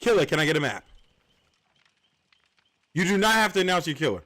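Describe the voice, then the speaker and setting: A man's voice: fairly high pitch, big pitch swings, brisk, bright, forceful tone. A man hosting a livestreamed game tournament, explaining the rules with joking asides. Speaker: tournament host and caster.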